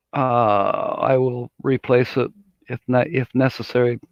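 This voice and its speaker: A man's voice: medium pitch, no echo. Folksy middle-aged man chatting on a live stream. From Michigan. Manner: chatty, folksy, chuckles often. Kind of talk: casual live-stream chat. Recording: dull, dry lo-fi audio.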